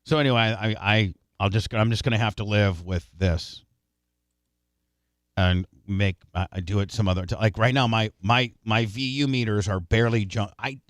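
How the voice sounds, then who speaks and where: Halting, fussy male radio host, dry studio. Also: on the low side, fairly even intonation, no echo. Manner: fussy, restless, halting with many restarts. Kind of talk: casual on-air chat about mic levels. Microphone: studio microphone.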